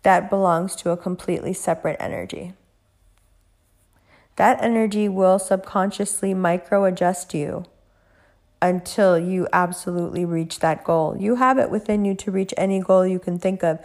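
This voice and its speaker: A woman giving a casual motivational talk, telling an animated story and swearing casually. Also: lowish voice, normal speed. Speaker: motivational speaker.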